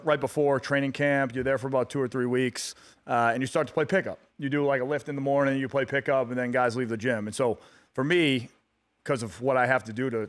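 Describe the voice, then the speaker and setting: A man in his thirties, a guest on a radio talk show, telling stories in a relaxed way with many fillers and restarts. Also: medium pitch. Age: 30s. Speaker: guest athlete. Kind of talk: casual radio interview.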